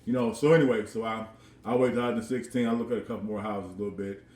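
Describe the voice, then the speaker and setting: Racing through a rambling personal story in his own house, this vlogger in his thirties repeats words and chuckles frequently. The voice is fairly low, fairly even, and a little mellow, picked up roomily by a distant mic.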